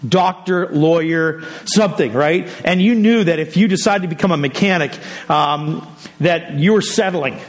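Man, middle-aged, pastor, high-pitched, conversational sermon, self-interrupting, jokey asides. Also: moderate pace.

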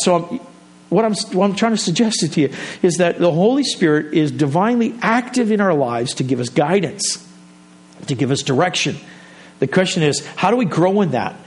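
A middle-aged man, the pastor, preaching a sermon in a relaxed, conversational way, often breaking off mid-sentence and dropping joking asides to the congregation. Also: high voice. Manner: conversational, self-interrupting, jokey asides.

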